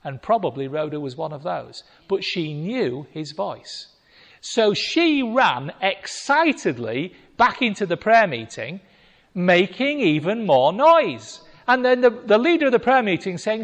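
A man preaching a sermon, telling a Bible story with lively acted-out voices. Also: high voice, a little slow. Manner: animated storytelling, acting out voices. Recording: long reverb of a hall.

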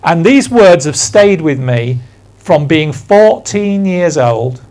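This sixty-something Englishman has a fairly high, animated, slightly mellow voice, and he takes his time. He delivers a conversational church sermon full of stories, punctuated by emphatic asides that poke fun at himself.

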